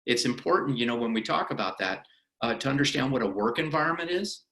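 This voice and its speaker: A middle-aged male attorney gives a workplace training in a lively, conversational way, now and then playing out courtroom questions. His voice is crisp and bright. The room carries a clear echo. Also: mid-range voice, quick pace. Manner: animated, acts out courtroom questioning. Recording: roomy echo of a meeting room.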